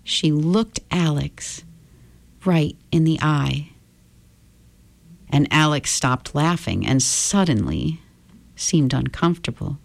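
Low-voiced woman reading a children's story. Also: slow pace, vocal fry, pauses often. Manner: expressive, lively intonation.

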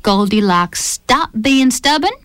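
Woman reading a kids story, bouncy animated voice, music playing under. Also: on the high side, slow pace. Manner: lively playful storytelling. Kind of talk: storybook narration. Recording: narration over music.

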